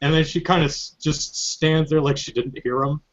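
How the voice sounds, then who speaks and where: A man hosting a podcast in casual chat, telling stories in an animated, joking way. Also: a little high, moderate pace, dull audio. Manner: animated, joking storytelling with frequent laughs. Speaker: podcast host.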